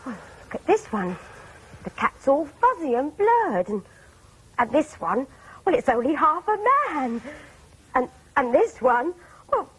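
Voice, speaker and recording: A woman's voice: sits high, big pitch swings, unhurried, long pauses, poor audio. Woman playing a prim, complaining lady customer. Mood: shy. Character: fussy, indignant lady customer.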